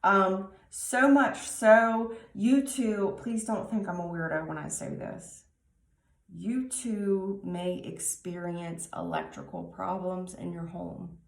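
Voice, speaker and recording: A woman reads tarot cards in an unhurried, musing way, pausing often to find her words. Her voice sits a little low, and the room around her sounds echoey. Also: fairly even intonation, vocal fry. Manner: slow, musing, with many ums and restarts. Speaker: tarot reader. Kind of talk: tarot reading to camera.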